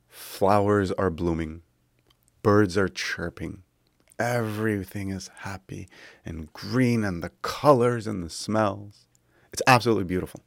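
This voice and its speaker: A man in his thirties talks through his podcast in a reflective, conversational way, adding small asides as he goes. His voice sits very low, and the sound is dry and close. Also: dry recording. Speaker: podcast host. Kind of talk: solo podcast monologue.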